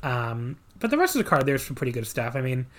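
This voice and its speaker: A man's voice: mid-range voice, wildly swooping pitch, quick pace. Sarcastic man reviewing wrestling matches. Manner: sarcastic, dry asides, many fillers. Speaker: podcast host. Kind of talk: casual wrestling review chat.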